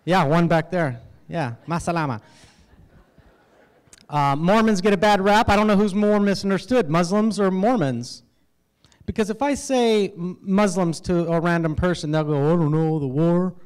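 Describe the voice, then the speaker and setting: A man from the United States performing an animated, self-deprecating stand-up set at an awards event, with halting fillers. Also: high-pitched. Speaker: stand-up comedian. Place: event hall with audience laughter.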